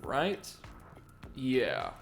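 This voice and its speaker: A man's voice: mid-range voice, drawn-out words, gravelly, faint music behind. A man hosting a let's play, chatting casually and reacting to viewers while he plays, often correcting himself mid-sentence. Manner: chatty, self-correcting, excitable. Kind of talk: casual gameplay commentary with chat reading.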